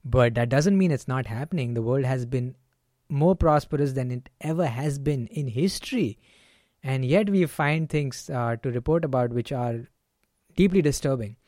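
A man hosts a casual solo podcast in a mid-range voice, explaining ideas in a relaxed, thoughtful way. Now and then he jumps into short acted-out lines, louder and higher. The sound is close and dry, with no room echo. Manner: acts out quick example lines in a raised voice. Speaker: podcast host.

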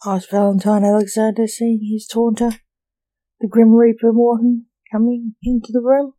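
A storyteller reading fiction aloud in a measured, plain way. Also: mid-range voice, flat delivery, dark tone, dry recording, rough recording.

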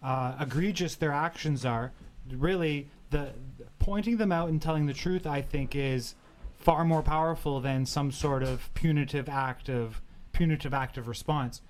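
A male talk show host with a slightly higher voice, speaking in a halting, opinionated way. He restarts his sentences and fills pauses with "um" and "uh" as he makes his points. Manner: opinionated, halting, frequent fillers. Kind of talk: political talk show commentary.

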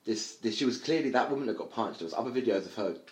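A man hosting a casual podcast chat, telling stories quickly with many restarts. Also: mid-range voice, echoey room. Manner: quick, animated storytelling with repeated restarts. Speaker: podcast host.

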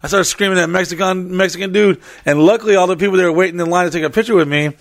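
A man with a gravelly, slightly raised voice tells crude stories on a podcast, swearing freely and acting out the people in them. The sound is dry and close, with no room echo. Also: high voice, rapid-fire. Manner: profane, animated, acts out other people's voices. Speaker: podcast co-host. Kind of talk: crude casual storytelling.

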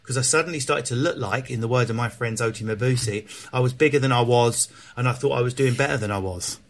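A man's voice: medium pitch, fast talker. A stand-up comedian with a Cockney accent, talking frankly and animatedly in an interview, swearing freely and restarting his sentences. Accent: London Cockney. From England. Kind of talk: candid interview chat.

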